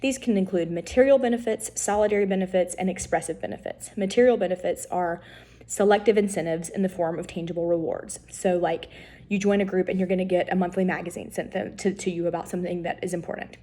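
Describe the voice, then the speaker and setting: A woman's voice: on the low side, steady tone, quick pace, dark tone. A woman giving a recorded lecture, explaining step by step with frequent ums and self-corrections. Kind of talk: recorded lecture on political science.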